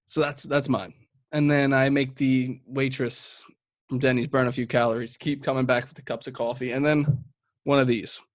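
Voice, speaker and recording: A young man with a mid-range voice co-hosts a beer review podcast, speaking at a normal speed in a level tone. He chats casually, trading crude jokes and banter. There's no room sound in the recording.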